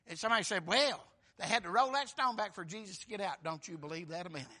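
An older man, preaching a sermon that swings from low murmurs to shouted high exclamations. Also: quick pace.

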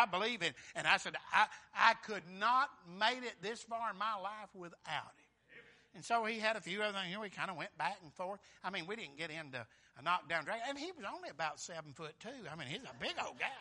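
A man preaching a folksy, emphatic sermon, swinging from soft asides to loud declarations. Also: high-pitched.

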